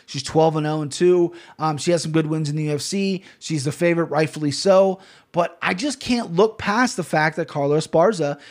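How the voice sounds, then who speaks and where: A man hosting a podcast, giving casual fight betting picks in a brash, profane, rambling way. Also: fairly high pitch.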